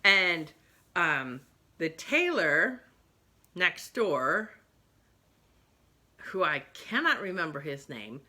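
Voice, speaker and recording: A woman's voice: low-pitched, sing-song, slow pace, long pauses, sharp tone. A middle-aged woman chatting casually about books, rambling and going off on tangents. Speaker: book vlogger. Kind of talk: casual book chat.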